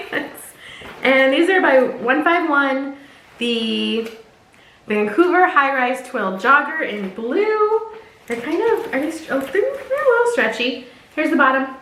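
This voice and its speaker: A woman's voice: fairly high pitch, fairly bright tone, a little hiss or hum. A young woman chatting casually as she unboxes clothes for her vlog, bubbly and prone to tangents. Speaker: fashion vlogger. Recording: echoey room.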